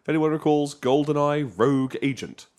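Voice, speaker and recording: A man co-hosting a casual podcast about video games, talking in a jokey, animated way with sudden bursts of excitement. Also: on the high side, normal speed. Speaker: podcast co-host.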